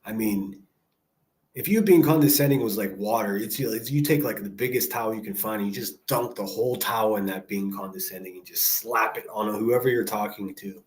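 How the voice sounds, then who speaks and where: A man with a lowish voice, talking a little fast, hosts a livestream full of blunt, rambling, profanity-laden commentary.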